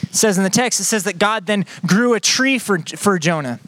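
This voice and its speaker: A man preaching a sermon in a conversational, playful way, moving between quick asides and slow, emphatic phrases. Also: high-pitched, fairly bright tone, a little hiss or hum. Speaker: pastor.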